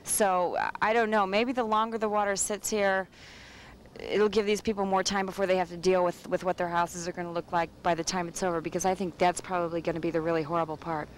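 A woman co-hosting a casual on-location talk show, chatty and wry, with some halting restarts. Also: fairly low pitch, flat delivery, slight background noise, poor audio. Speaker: co-host.

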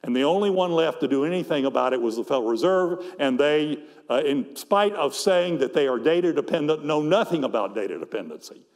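An older man giving a conference presentation on economics, explaining his slides in a measured way and often repeating words as he goes. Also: fairly high pitch, lively intonation, darkish tone, big-room sound.

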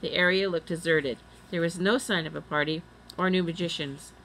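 A woman reading a children's chapter book aloud, doing the children's lines a little higher. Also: fairly even intonation, moderate pace, fairly bright tone, a little hiss or hum, rough recording. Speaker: reader. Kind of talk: storybook read-aloud.

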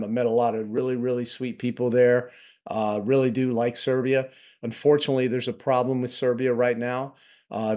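A man's voice: medium pitch, darkish tone. Sarcastic man vlogging from home office. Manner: sarcastic, indignant. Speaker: travel vlogger. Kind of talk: casual to-camera commentary.

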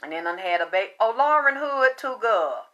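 A woman's voice: medium pitch, very animated, a little fast, bright, forceful tone, highs cut off. A woman giving a casual tarot card reading, chatty and profane, often breaking into laughter. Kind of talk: casual spiritual reading monologue.

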